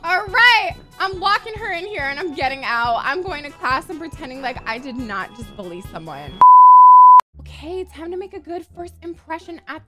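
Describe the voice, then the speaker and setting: A young woman giving sassy, profane, excitable gameplay commentary, gasping often as she plays. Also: very high-pitched, normal speed, over loud music. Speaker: gaming YouTuber.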